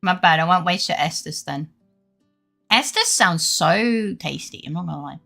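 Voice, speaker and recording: A woman's voice: lowish voice, expressive, moderate pace, gravelly, sharp tone, faint music behind. A woman chatting casually with her viewers on a live stream, swearing freely and laughing often.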